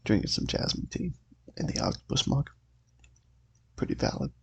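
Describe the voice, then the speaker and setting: A man hosting a show where he reads a comic aloud, making relaxed, offhand asides about the pages. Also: normal speed. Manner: laid-back, offhand asides. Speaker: host. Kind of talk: reading a comic aloud on camera.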